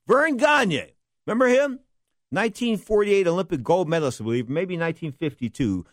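A middle-aged man hosting a casual monologue, rambling and animated, often pausing to correct the names he gets wrong. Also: sits high, dry recording, studio quality. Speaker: wrestling history podcast host.

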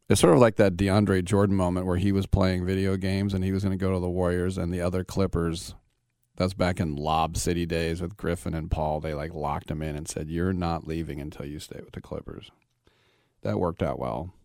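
A brash man hosts sports talk radio with a fairly low voice, rambling and firing off rhetorical questions. He's close on the mic in a dry studio with no room sound. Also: no echo.

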